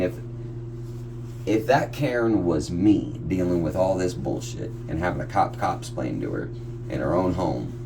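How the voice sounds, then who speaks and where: A man's voice: low-pitched, noisy background. A young man rambling defensively in a long monologue, recorded on his own phone. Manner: defensive, rambling, getting louder. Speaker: son recording a garage sale dispute. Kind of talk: ranting monologue to camera. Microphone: phone recording himself.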